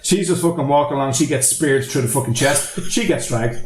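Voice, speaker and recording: A man's voice: medium pitch, fairly quick, echoey room, soft background music. Sweary Irish man recapping a film. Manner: sweary, rambling, laughing recap. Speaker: podcast host. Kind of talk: casual podcast movie recap.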